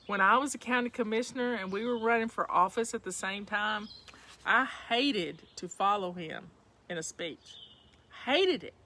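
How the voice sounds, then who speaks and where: A woman's voice: medium pitch, normal speed, sharp tone. Folksy Southern woman chatting to viewers. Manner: folksy, chatty, says y'all to her audience. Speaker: livestream host. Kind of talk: casual chat to viewers. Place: at home.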